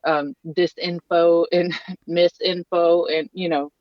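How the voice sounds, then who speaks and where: A woman guest talking quickly and giggling from a van. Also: on the low side, little pitch movement, no room sound, highs cut off. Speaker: guest, news show co-host. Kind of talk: casual interview talk.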